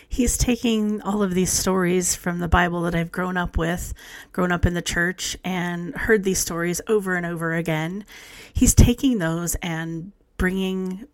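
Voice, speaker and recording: A woman in her forties speaks in an earnest, heartfelt monologue as the host of a faith podcast. Her voice sits a little low for a woman. She talks softly and warmly sincere. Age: 40s.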